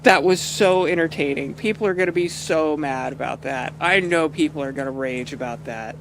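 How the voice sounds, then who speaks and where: A man with a fairly high-pitched voice chats to his stream while driving in a role-play game, rambling and swearing as he laughs things off. A quiet hum of game engine noise runs beneath him. His talk is loose, casual and unscripted. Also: normal speed. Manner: rambling, profane, laughs often. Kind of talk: out-of-character gameplay commentary.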